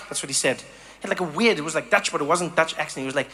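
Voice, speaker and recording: A man from Africa, doing a stand-up comedy set with animated storytelling that slips into mock voices. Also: a little high, quick pace. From South Africa.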